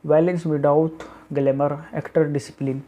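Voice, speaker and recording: A man's voice: fairly high pitch, little pitch movement, normal speed, highs cut off. A man reading a scripted film review as a voice-over, in short clipped phrases with occasional restarts.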